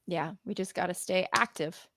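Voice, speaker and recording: A woman's voice: lowish voice, moderate pace, sharp tone, slight background noise. A woman hosting a podcast interview, chatty and casual, often restarting her sentences and laughing. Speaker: podcast host.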